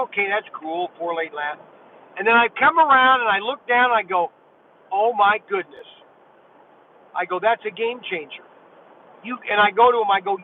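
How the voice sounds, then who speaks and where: Excitable host, high male voice, phone-like tinny audio, light hiss. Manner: excitable storyteller, acts out dialogue. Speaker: livestream host. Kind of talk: casual livestream chat. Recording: tinny phone-like sound with faint noise.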